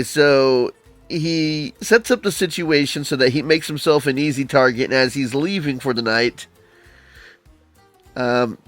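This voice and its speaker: A man's voice: medium pitch, fairly bright tone, no echo. A man casually reviewing an old comic book, reading panels aloud and adding wry comments.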